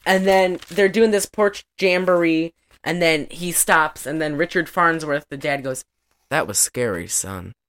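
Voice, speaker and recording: Low-pitched woman, casual co-host, profane and chatty. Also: steady tone, unhurried, slight background noise. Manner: chatty, profane, laughs often. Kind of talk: casual chat recapping a movie.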